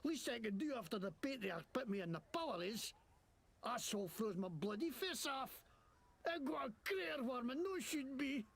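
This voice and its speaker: A gravelly, foul-mouthed thug in a video game, whining and blustering in a put-on Scottish accent. His voice sits high and swings wildly up and down. Faint ambience hums behind him. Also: lively intonation, fairly bright tone, heavily acted. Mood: bitter. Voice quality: gravelly, coarse and cursing. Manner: whiny, self-pitying, quick to bluster. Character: crude bitter male thug faking a Scottish accent.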